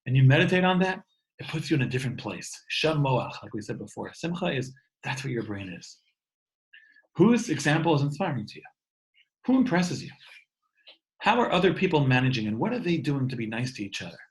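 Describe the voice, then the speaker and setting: A man in his thirties gives a warm, earnest inspirational talk to an online audience over a video call from home. His mid-range voice is very animated and a little fast, and he often repeats words as he goes. The recording quality is low.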